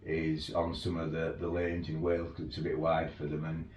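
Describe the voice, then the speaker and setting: A man's voice: very deep voice, monotone, normal speed, darkish tone. A man who works as an overland tour guide, casually telling stories and laughing through them. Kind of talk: casual anecdotal storytelling. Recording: roomy, distant mic, faint ambience.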